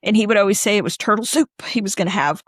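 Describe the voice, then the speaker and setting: In casual podcast chat, this co-host from Northwestern Pennsylvania rambles along chattily, often restarting her sentences. She speaks at a racing pace in a medium-pitched voice, recorded dry and close with no room sound.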